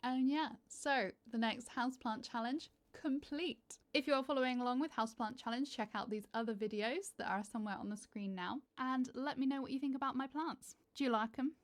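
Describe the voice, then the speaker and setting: A woman's voice: high-pitched, fairly quick, hardly any pauses. A tired British woman, a houseplant vlogger, chatting casually and gushing over her new plants. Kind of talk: casual vlog chat.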